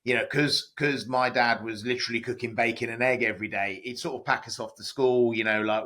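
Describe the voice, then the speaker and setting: A man's voice: mid-range voice, bright, forceful tone. A man, a chef, chatting as a guest on a podcast, telling stories with many fillers and restarts. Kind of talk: casual podcast interview.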